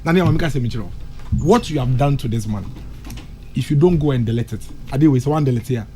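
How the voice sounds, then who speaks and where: A man's voice: mid-range voice, a little fast, mellow, faint music behind. A Ghanaian man with a Ghanaian accent commenting on a morning radio talk show, impassioned, switching between English and Twi and repeating phrases for emphasis. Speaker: radio discussion panelist.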